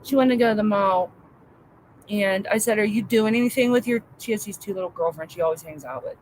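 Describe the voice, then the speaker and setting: A middle-aged woman chatting casually as co-host, telling animated stories about her home and family. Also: mid-range voice, brisk, a little hiss or hum. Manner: chatty, animated storyteller acting out her daughter. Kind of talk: casual chat.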